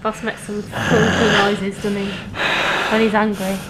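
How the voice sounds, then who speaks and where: A woman's voice: mid-range voice, little pitch movement, unhurried. A woman in a casual home vlog, giggly and chatty, coaxing her dog. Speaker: vlogger. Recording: loud background noise, home video.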